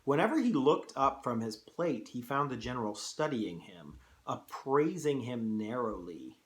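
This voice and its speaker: Male teacher reading aloud, animated pitch, casual analytic asides between passages. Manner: expressive reading broken by quick casual asides with fillers.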